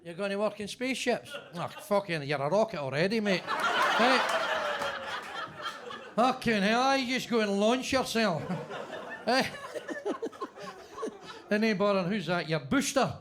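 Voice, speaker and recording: A man doing stand-up crowd work in a basement club, brash and foul-mouthed as he teases the people in front of him. His voice sits high for a man. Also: a little slow, long pauses, noisy background. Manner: brash, swearing, teasing the audience. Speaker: stand-up comedian.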